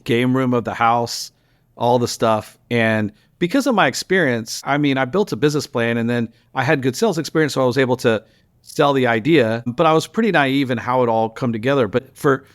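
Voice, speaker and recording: A man, a news publisher telling stories in a casual interview. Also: mid-range voice. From Texas. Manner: animated storyteller, quick restarts. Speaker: guest, news publisher founder.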